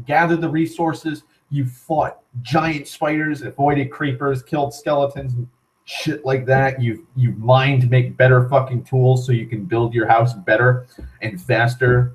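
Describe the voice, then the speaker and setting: A man's voice: medium pitch, a little mellow, low-quality recording. A young man telling a long story in a casual, rambling monologue, swearing freely and filling his talk with "like" and restarts. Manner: profane, rambling, full of "like" and restarts. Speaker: channel host.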